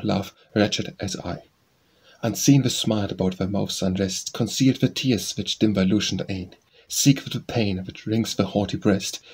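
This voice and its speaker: A man reading poems aloud as an audiobook narrator, in a slow, measured recitation with a husky voice. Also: lowish voice, a little mellow. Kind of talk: scripted poetry reading.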